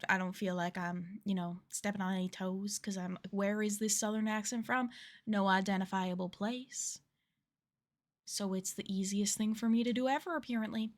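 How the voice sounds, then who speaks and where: A woman's voice: mid-range voice, sharp tone. Giggly, chatty woman streamer. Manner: chatty, giggly, self-deprecating. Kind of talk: casual livestream chat while gaming.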